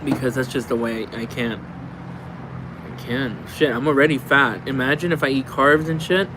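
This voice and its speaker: A man's voice: mid-range voice, steady tone, moderate pace, noisy background. A man hosting a livestream in casual chat, rambling, swearing and laughing a lot as he answers viewers. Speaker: livestream host. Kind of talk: casual chat while reading viewer comments.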